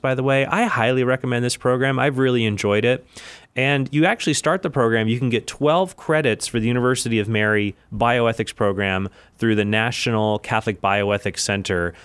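A man's voice: mid-range voice, a bit bright, smooth, no room sound. A man hosting his own podcast from an office, talking casually and chattily, with frequent asides. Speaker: podcast host. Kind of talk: casual solo podcast talk.

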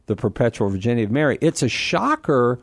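Man, radio guest, mid-pitched, animated, explanatory, dry studio sound. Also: quick pace, slightly rough, no room sound. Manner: animated, explanatory, laughs at himself. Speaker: guest, apologist.

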